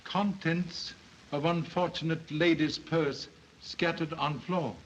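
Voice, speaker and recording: A man playing a calm, wise middle-aged detective who talks in clipped, proverb-like broken English, in a 1930s film. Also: a little high, slow, slight background noise. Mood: measured. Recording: dull old film soundtrack.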